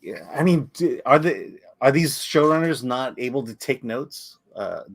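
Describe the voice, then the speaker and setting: A man's voice: mid-range voice, animated, unhurried, gravelly, no echo, studio quality. A man co-hosting a film review livestream, talking casually and frankly with stammered restarts. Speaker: film review show co-host.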